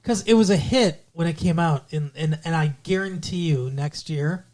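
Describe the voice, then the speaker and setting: A man's voice: a little high, normal speed, darkish tone. A man co-hosting a comedic podcast, playfully reading old entertainment news aloud and chatting with his fiancée. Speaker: podcast co-host. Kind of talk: comedic podcast chat in 1998 character.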